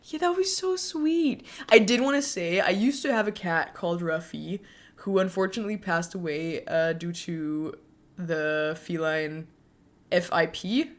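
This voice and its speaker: Low-pitched young woman chatting on stream. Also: a little slow. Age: 20s. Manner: chatty, frequent laughs, speaks warmly to chat. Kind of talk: casual chat with viewers.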